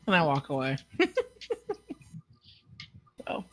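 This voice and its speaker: A woman's voice: on the high side, animated, unhurried, long pauses, a bit bright. A woman playing a tabletop game, chatting loosely and giggling. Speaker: player. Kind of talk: casual tabletop game chat.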